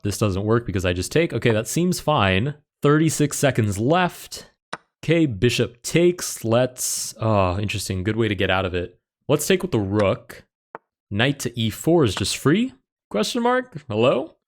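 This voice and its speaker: A man commentating his own online chess game as he plays, thinking aloud with quick reactive exclamations. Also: on the low side. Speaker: chess streamer.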